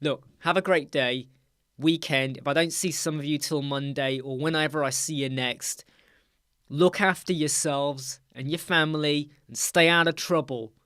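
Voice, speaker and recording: A man's voice: on the high side, normal speed, bright, forceful tone, clean tone, no echo, studio quality. A middle-aged man with a British accent hosting a casual live chat, talking to viewers by name in a chatty, teasing way. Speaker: livestream host.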